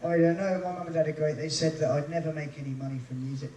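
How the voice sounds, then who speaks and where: A man's voice: on the high side, fairly even intonation, quick pace, dark tone, slight background noise. A man entertaining a cruise ship audience, telling self-mocking jokes between songs into a stage mic. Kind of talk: live singing and stage banter. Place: large room on a cruise ship, live with audience. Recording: echoey, distant live recording with band.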